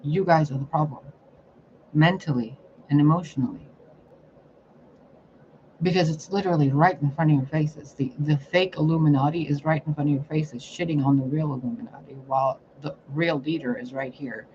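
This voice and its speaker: A man's voice: on the high side, moderate pace, a little mellow. A man delivering a profane, confrontational spiritual rant as a psychic reader. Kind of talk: ranting spiritual monologue. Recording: muffled lo-fi recording, faint noise.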